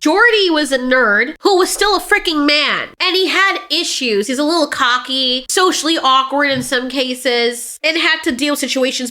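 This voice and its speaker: A high, bright woman's voice ranting in animated reaction commentary. She is blunt and sarcastic and swears freely, breaking into laughter now and then between her points. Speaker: reaction streamer.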